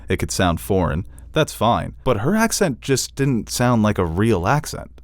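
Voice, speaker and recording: A man with a low voice co-hosts a casual podcast chat, animated and quick to crack a joke. His voice sits close and dry, with no room sound. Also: no room sound. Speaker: podcast co-host.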